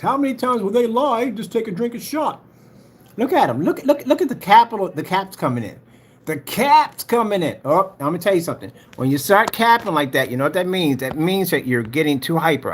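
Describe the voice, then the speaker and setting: Man, livestream host, ranting commentary, husky, lively pitch, mocking, repeats himself. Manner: heated, mocking, repetitive, talks to chat directly.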